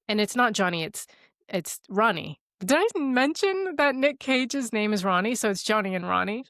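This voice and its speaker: A woman's voice: mid-range voice, fairly quick, fairly bright tone, no echo, clean studio sound. A woman co-hosting a podcast, recapping a movie in casual chat, acting out the characters' lines and laughing often. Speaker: podcast co-host.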